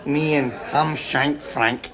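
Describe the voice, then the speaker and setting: An actor playing a fretful, earnest Scottish drinker in a sitcom. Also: male voice, on the high side, steady tone, slow pace, crowd noise. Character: fretful, gloating middle-aged drinker. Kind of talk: sitcom acting. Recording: sitcom with audience laughter.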